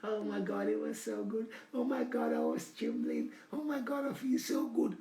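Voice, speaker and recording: A man's voice: extremely high pitch, normal speed, gravelly, mellow, roomy sound, voice pushed up. A man voicing a breathless, gasping young woman overcome with delight. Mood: swooning.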